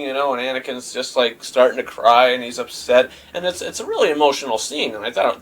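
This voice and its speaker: A young man casually reviewing a movie, retelling scenes in a rambling, animated way with lots of fillers. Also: medium pitch, moderate pace, hardly any pauses, rough recording.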